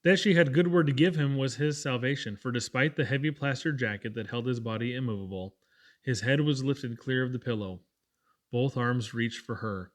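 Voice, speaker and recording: A man narrating an audiobook chapter in a measured, unhurried way. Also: medium pitch. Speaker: audiobook reader. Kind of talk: scripted narration.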